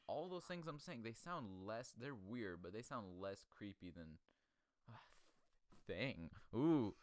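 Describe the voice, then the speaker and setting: Male comedy host, low pitch, dry sound; crude, rambling, quick to laugh. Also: dry recording. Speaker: podcast host. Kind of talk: casual comedic chat.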